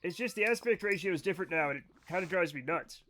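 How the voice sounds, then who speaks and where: A man's voice: high-pitched, animated, quick pace, fairly bright tone, a little hiss or hum. A tipsy man streaming a game and chatting casually with his viewers, blunt and profane.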